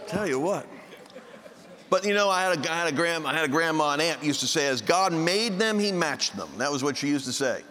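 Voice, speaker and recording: A man's voice: a little high, fast talker, sharp tone. A man preaching a sermon to a live audience, telling jokes and acting out the voices in his stories. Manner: joking storyteller who acts out quoted voices. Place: large meeting hall with a live audience. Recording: long hall reverb, faint background noise.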